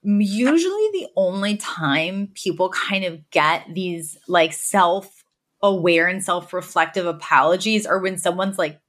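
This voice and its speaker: A woman's voice: fairly low pitch, expressive, a little slow, a bit bright. A woman co-hosting a podcast, chatting casually with lots of fillers as she recaps a sitcom episode. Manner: chatty, lots of fillers, acts out quoted lines. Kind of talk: casual chat.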